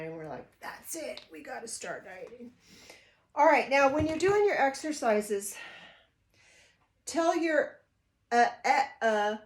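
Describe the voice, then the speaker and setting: An older woman vlogging casually at home, chatty and emotional, rambling with frequent restarts. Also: fairly high pitch. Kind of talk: casual vlog talk to camera. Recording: echoey room.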